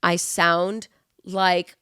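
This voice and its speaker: Down with the flu, a twentysomething podcast host offers earnest, rambling motivational advice laden with fillers in a casual solo monologue. Her lowish voice is flat and a bit bright, drawing out words in a clean tone, with no echo and clean studio sound.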